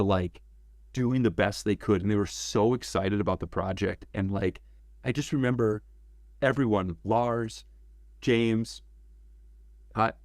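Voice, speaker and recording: A man as an interview guest, telling stories in a casual, animated way, acting out quotes and swearing freely. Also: fairly low pitch, no room sound, clean studio sound. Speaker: interview guest, former game cinematics director.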